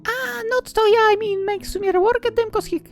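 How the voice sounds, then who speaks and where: A woman voicing a bubbly, excitable young heroine in a visual novel, with a high, gushing, squealy delivery. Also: normal speed, soft background music. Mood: excited. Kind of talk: visual novel read-aloud.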